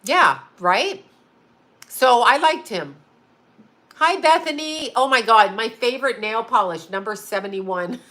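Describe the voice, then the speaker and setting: A woman's voice: on the high side, animated, measured pace, pushed and bright. A woman in her fifties, a psychic who hosts her own channel, talking casually and bluntly with lots of swearing and laughter. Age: 50s. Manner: blunt and profane, laughing often. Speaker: psychic medium and astrologer. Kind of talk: casual livestream chat.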